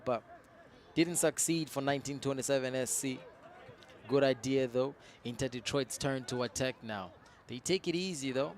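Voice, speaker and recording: A chatty man calls an amateur soccer match live at a middle pitch, chatting his opinions between plays. His voice jumps into excited shouts when a team attacks, with faint outdoor noise around him. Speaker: match commentator.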